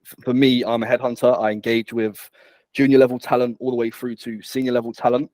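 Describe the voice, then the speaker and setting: A man's voice: medium pitch, fast talker. A man talks as a guest in a business interview. He speaks energetically and often repeats a word before his point comes out. The sound is dry, with no room echo. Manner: energetic, repeats words when starting phrases. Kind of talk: conversational interview.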